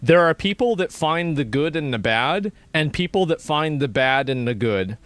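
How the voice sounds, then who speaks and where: A man reacting to a video on stream, in a fairly high voice that stays close and dry, with no room sound around it. He rambles and swears, filling gaps with "uh" and "like", and then argues his point in a pushy way. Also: lively intonation, moderate pace, fairly bright tone, no room sound. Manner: profane, rambling, with many fillers; argumentative, explaining his view. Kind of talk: casual reaction commentary.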